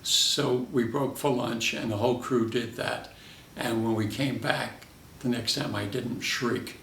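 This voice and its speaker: A man's voice: medium pitch, measured pace, gravelly, recorded from a distance, slight background noise. Older man telling anecdotes in a roomy space. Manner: lively storyteller who acts out the voices in his anecdotes. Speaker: veteran character actor, interviewee. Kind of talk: anecdotal career interview.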